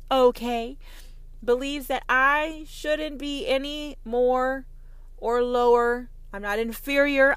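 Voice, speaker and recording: A Southern American woman rants in a heated, sarcastic monologue, swearing freely and mocking the people she argues against. Her voice sits a little high. The recording is dry and close, with no room sound. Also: fairly bright tone, dry recording. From Southern United States. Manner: profane, heated and sarcastic, mocking imagined opponents. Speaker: podcast host. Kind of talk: impassioned monologue.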